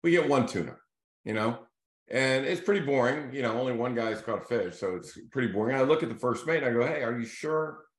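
A man hosting a casual video series, telling a fishing story in a loose, animated way and acting out the voices of the people in it. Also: mid-range voice, fast talker. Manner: animated storyteller who acts out quoted voices. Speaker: real estate team leader hosting a video series. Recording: echoey room.

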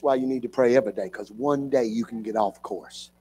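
A man preaching a fervent revival sermon in a church, building from steady talk up to shouting. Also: mid-range voice, quick pace, few pauses, slight background noise. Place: church with live congregation.

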